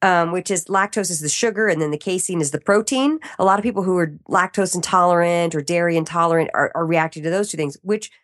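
A woman talking as a podcast guest in casual interview chat, animated and often laughing as she acts out her own reactions. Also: fairly low pitch, fast talker, hardly any pauses.

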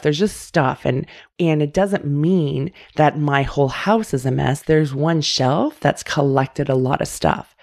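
A woman's voice: sits low, creaky, darkish tone. A middle-aged woman hosting a self-help podcast, talking casually and candidly straight to her listeners. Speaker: podcast host.

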